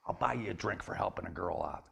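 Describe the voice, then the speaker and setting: A man quoting a blunt streetwise woman, gravelly. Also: low-pitched, quick pace, fairly bright tone, full character voice. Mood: wry. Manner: blunt, wry. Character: female hitchhiker-driver, thirty-five, blunt and streetwise.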